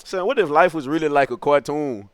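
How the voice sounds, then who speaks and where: A young man riffing on stream, swearing freely and musing out loud in bursts. His voice sits a bit high and sounds smooth and clear. The sound is close and dry, with no room around it. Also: brisk, no echo. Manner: profane, musing, animated. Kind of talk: rambling comic stream monologue.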